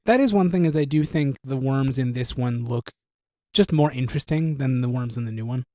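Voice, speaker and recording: A man co-hosting a casual movie review podcast, giving quick, eager opinions. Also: medium pitch, mellow, no room sound. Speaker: podcast co-host.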